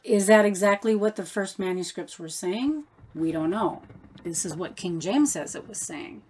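A woman teaches a casual Bible study at a slow, unhurried pace. She reads verses aloud phrase by phrase and stops to explain them. Her pitch sits in an ordinary middle range.

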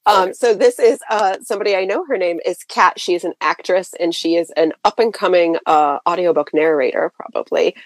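A woman co-hosting a casual chat, with a slightly low pitch for a woman. She talks in a chatty way and laughs easily. The sound is close and dry. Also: a little fast, hardly any pauses, dry recording. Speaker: podcast co-host.

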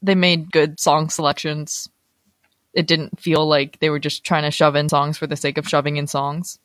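A young woman co-hosting a casual podcast chat, talking quickly with lots of filler words and animated retellings. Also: deep voice, no echo, studio quality. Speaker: podcast co-host.

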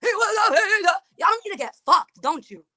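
Fast, high, combative woman. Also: animated, sharp tone, no echo, studio quality. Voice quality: raspy. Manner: defiant, talks back. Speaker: guest being confronted. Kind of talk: heated argument.

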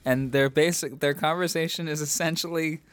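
A man's voice: a little high, steady tone, dry recording. Joking male podcast co-host, dry mic. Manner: joking, quick to quote and laugh. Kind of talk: casual movie podcast chat.

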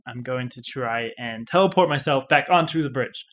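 A man playing a tabletop game, chatting casually and excitably. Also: mid-range voice, normal speed. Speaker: player.

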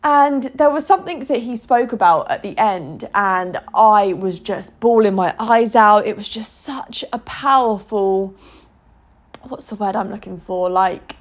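A woman's voice: medium pitch, unhurried. Earnest, emotional woman vlogging. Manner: earnest, emotional, many restarts. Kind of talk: casual vlog monologue.

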